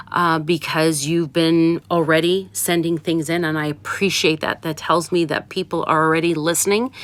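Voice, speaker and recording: A woman hosts an advice show in a lowish voice, coaching listeners with emphatic repetition. Her sound is dry and close, with no room around it. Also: no echo. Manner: warm, emphatic, coaching tone with repeated urgings. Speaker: podcast host and relationship advisor. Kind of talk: casual advice talk.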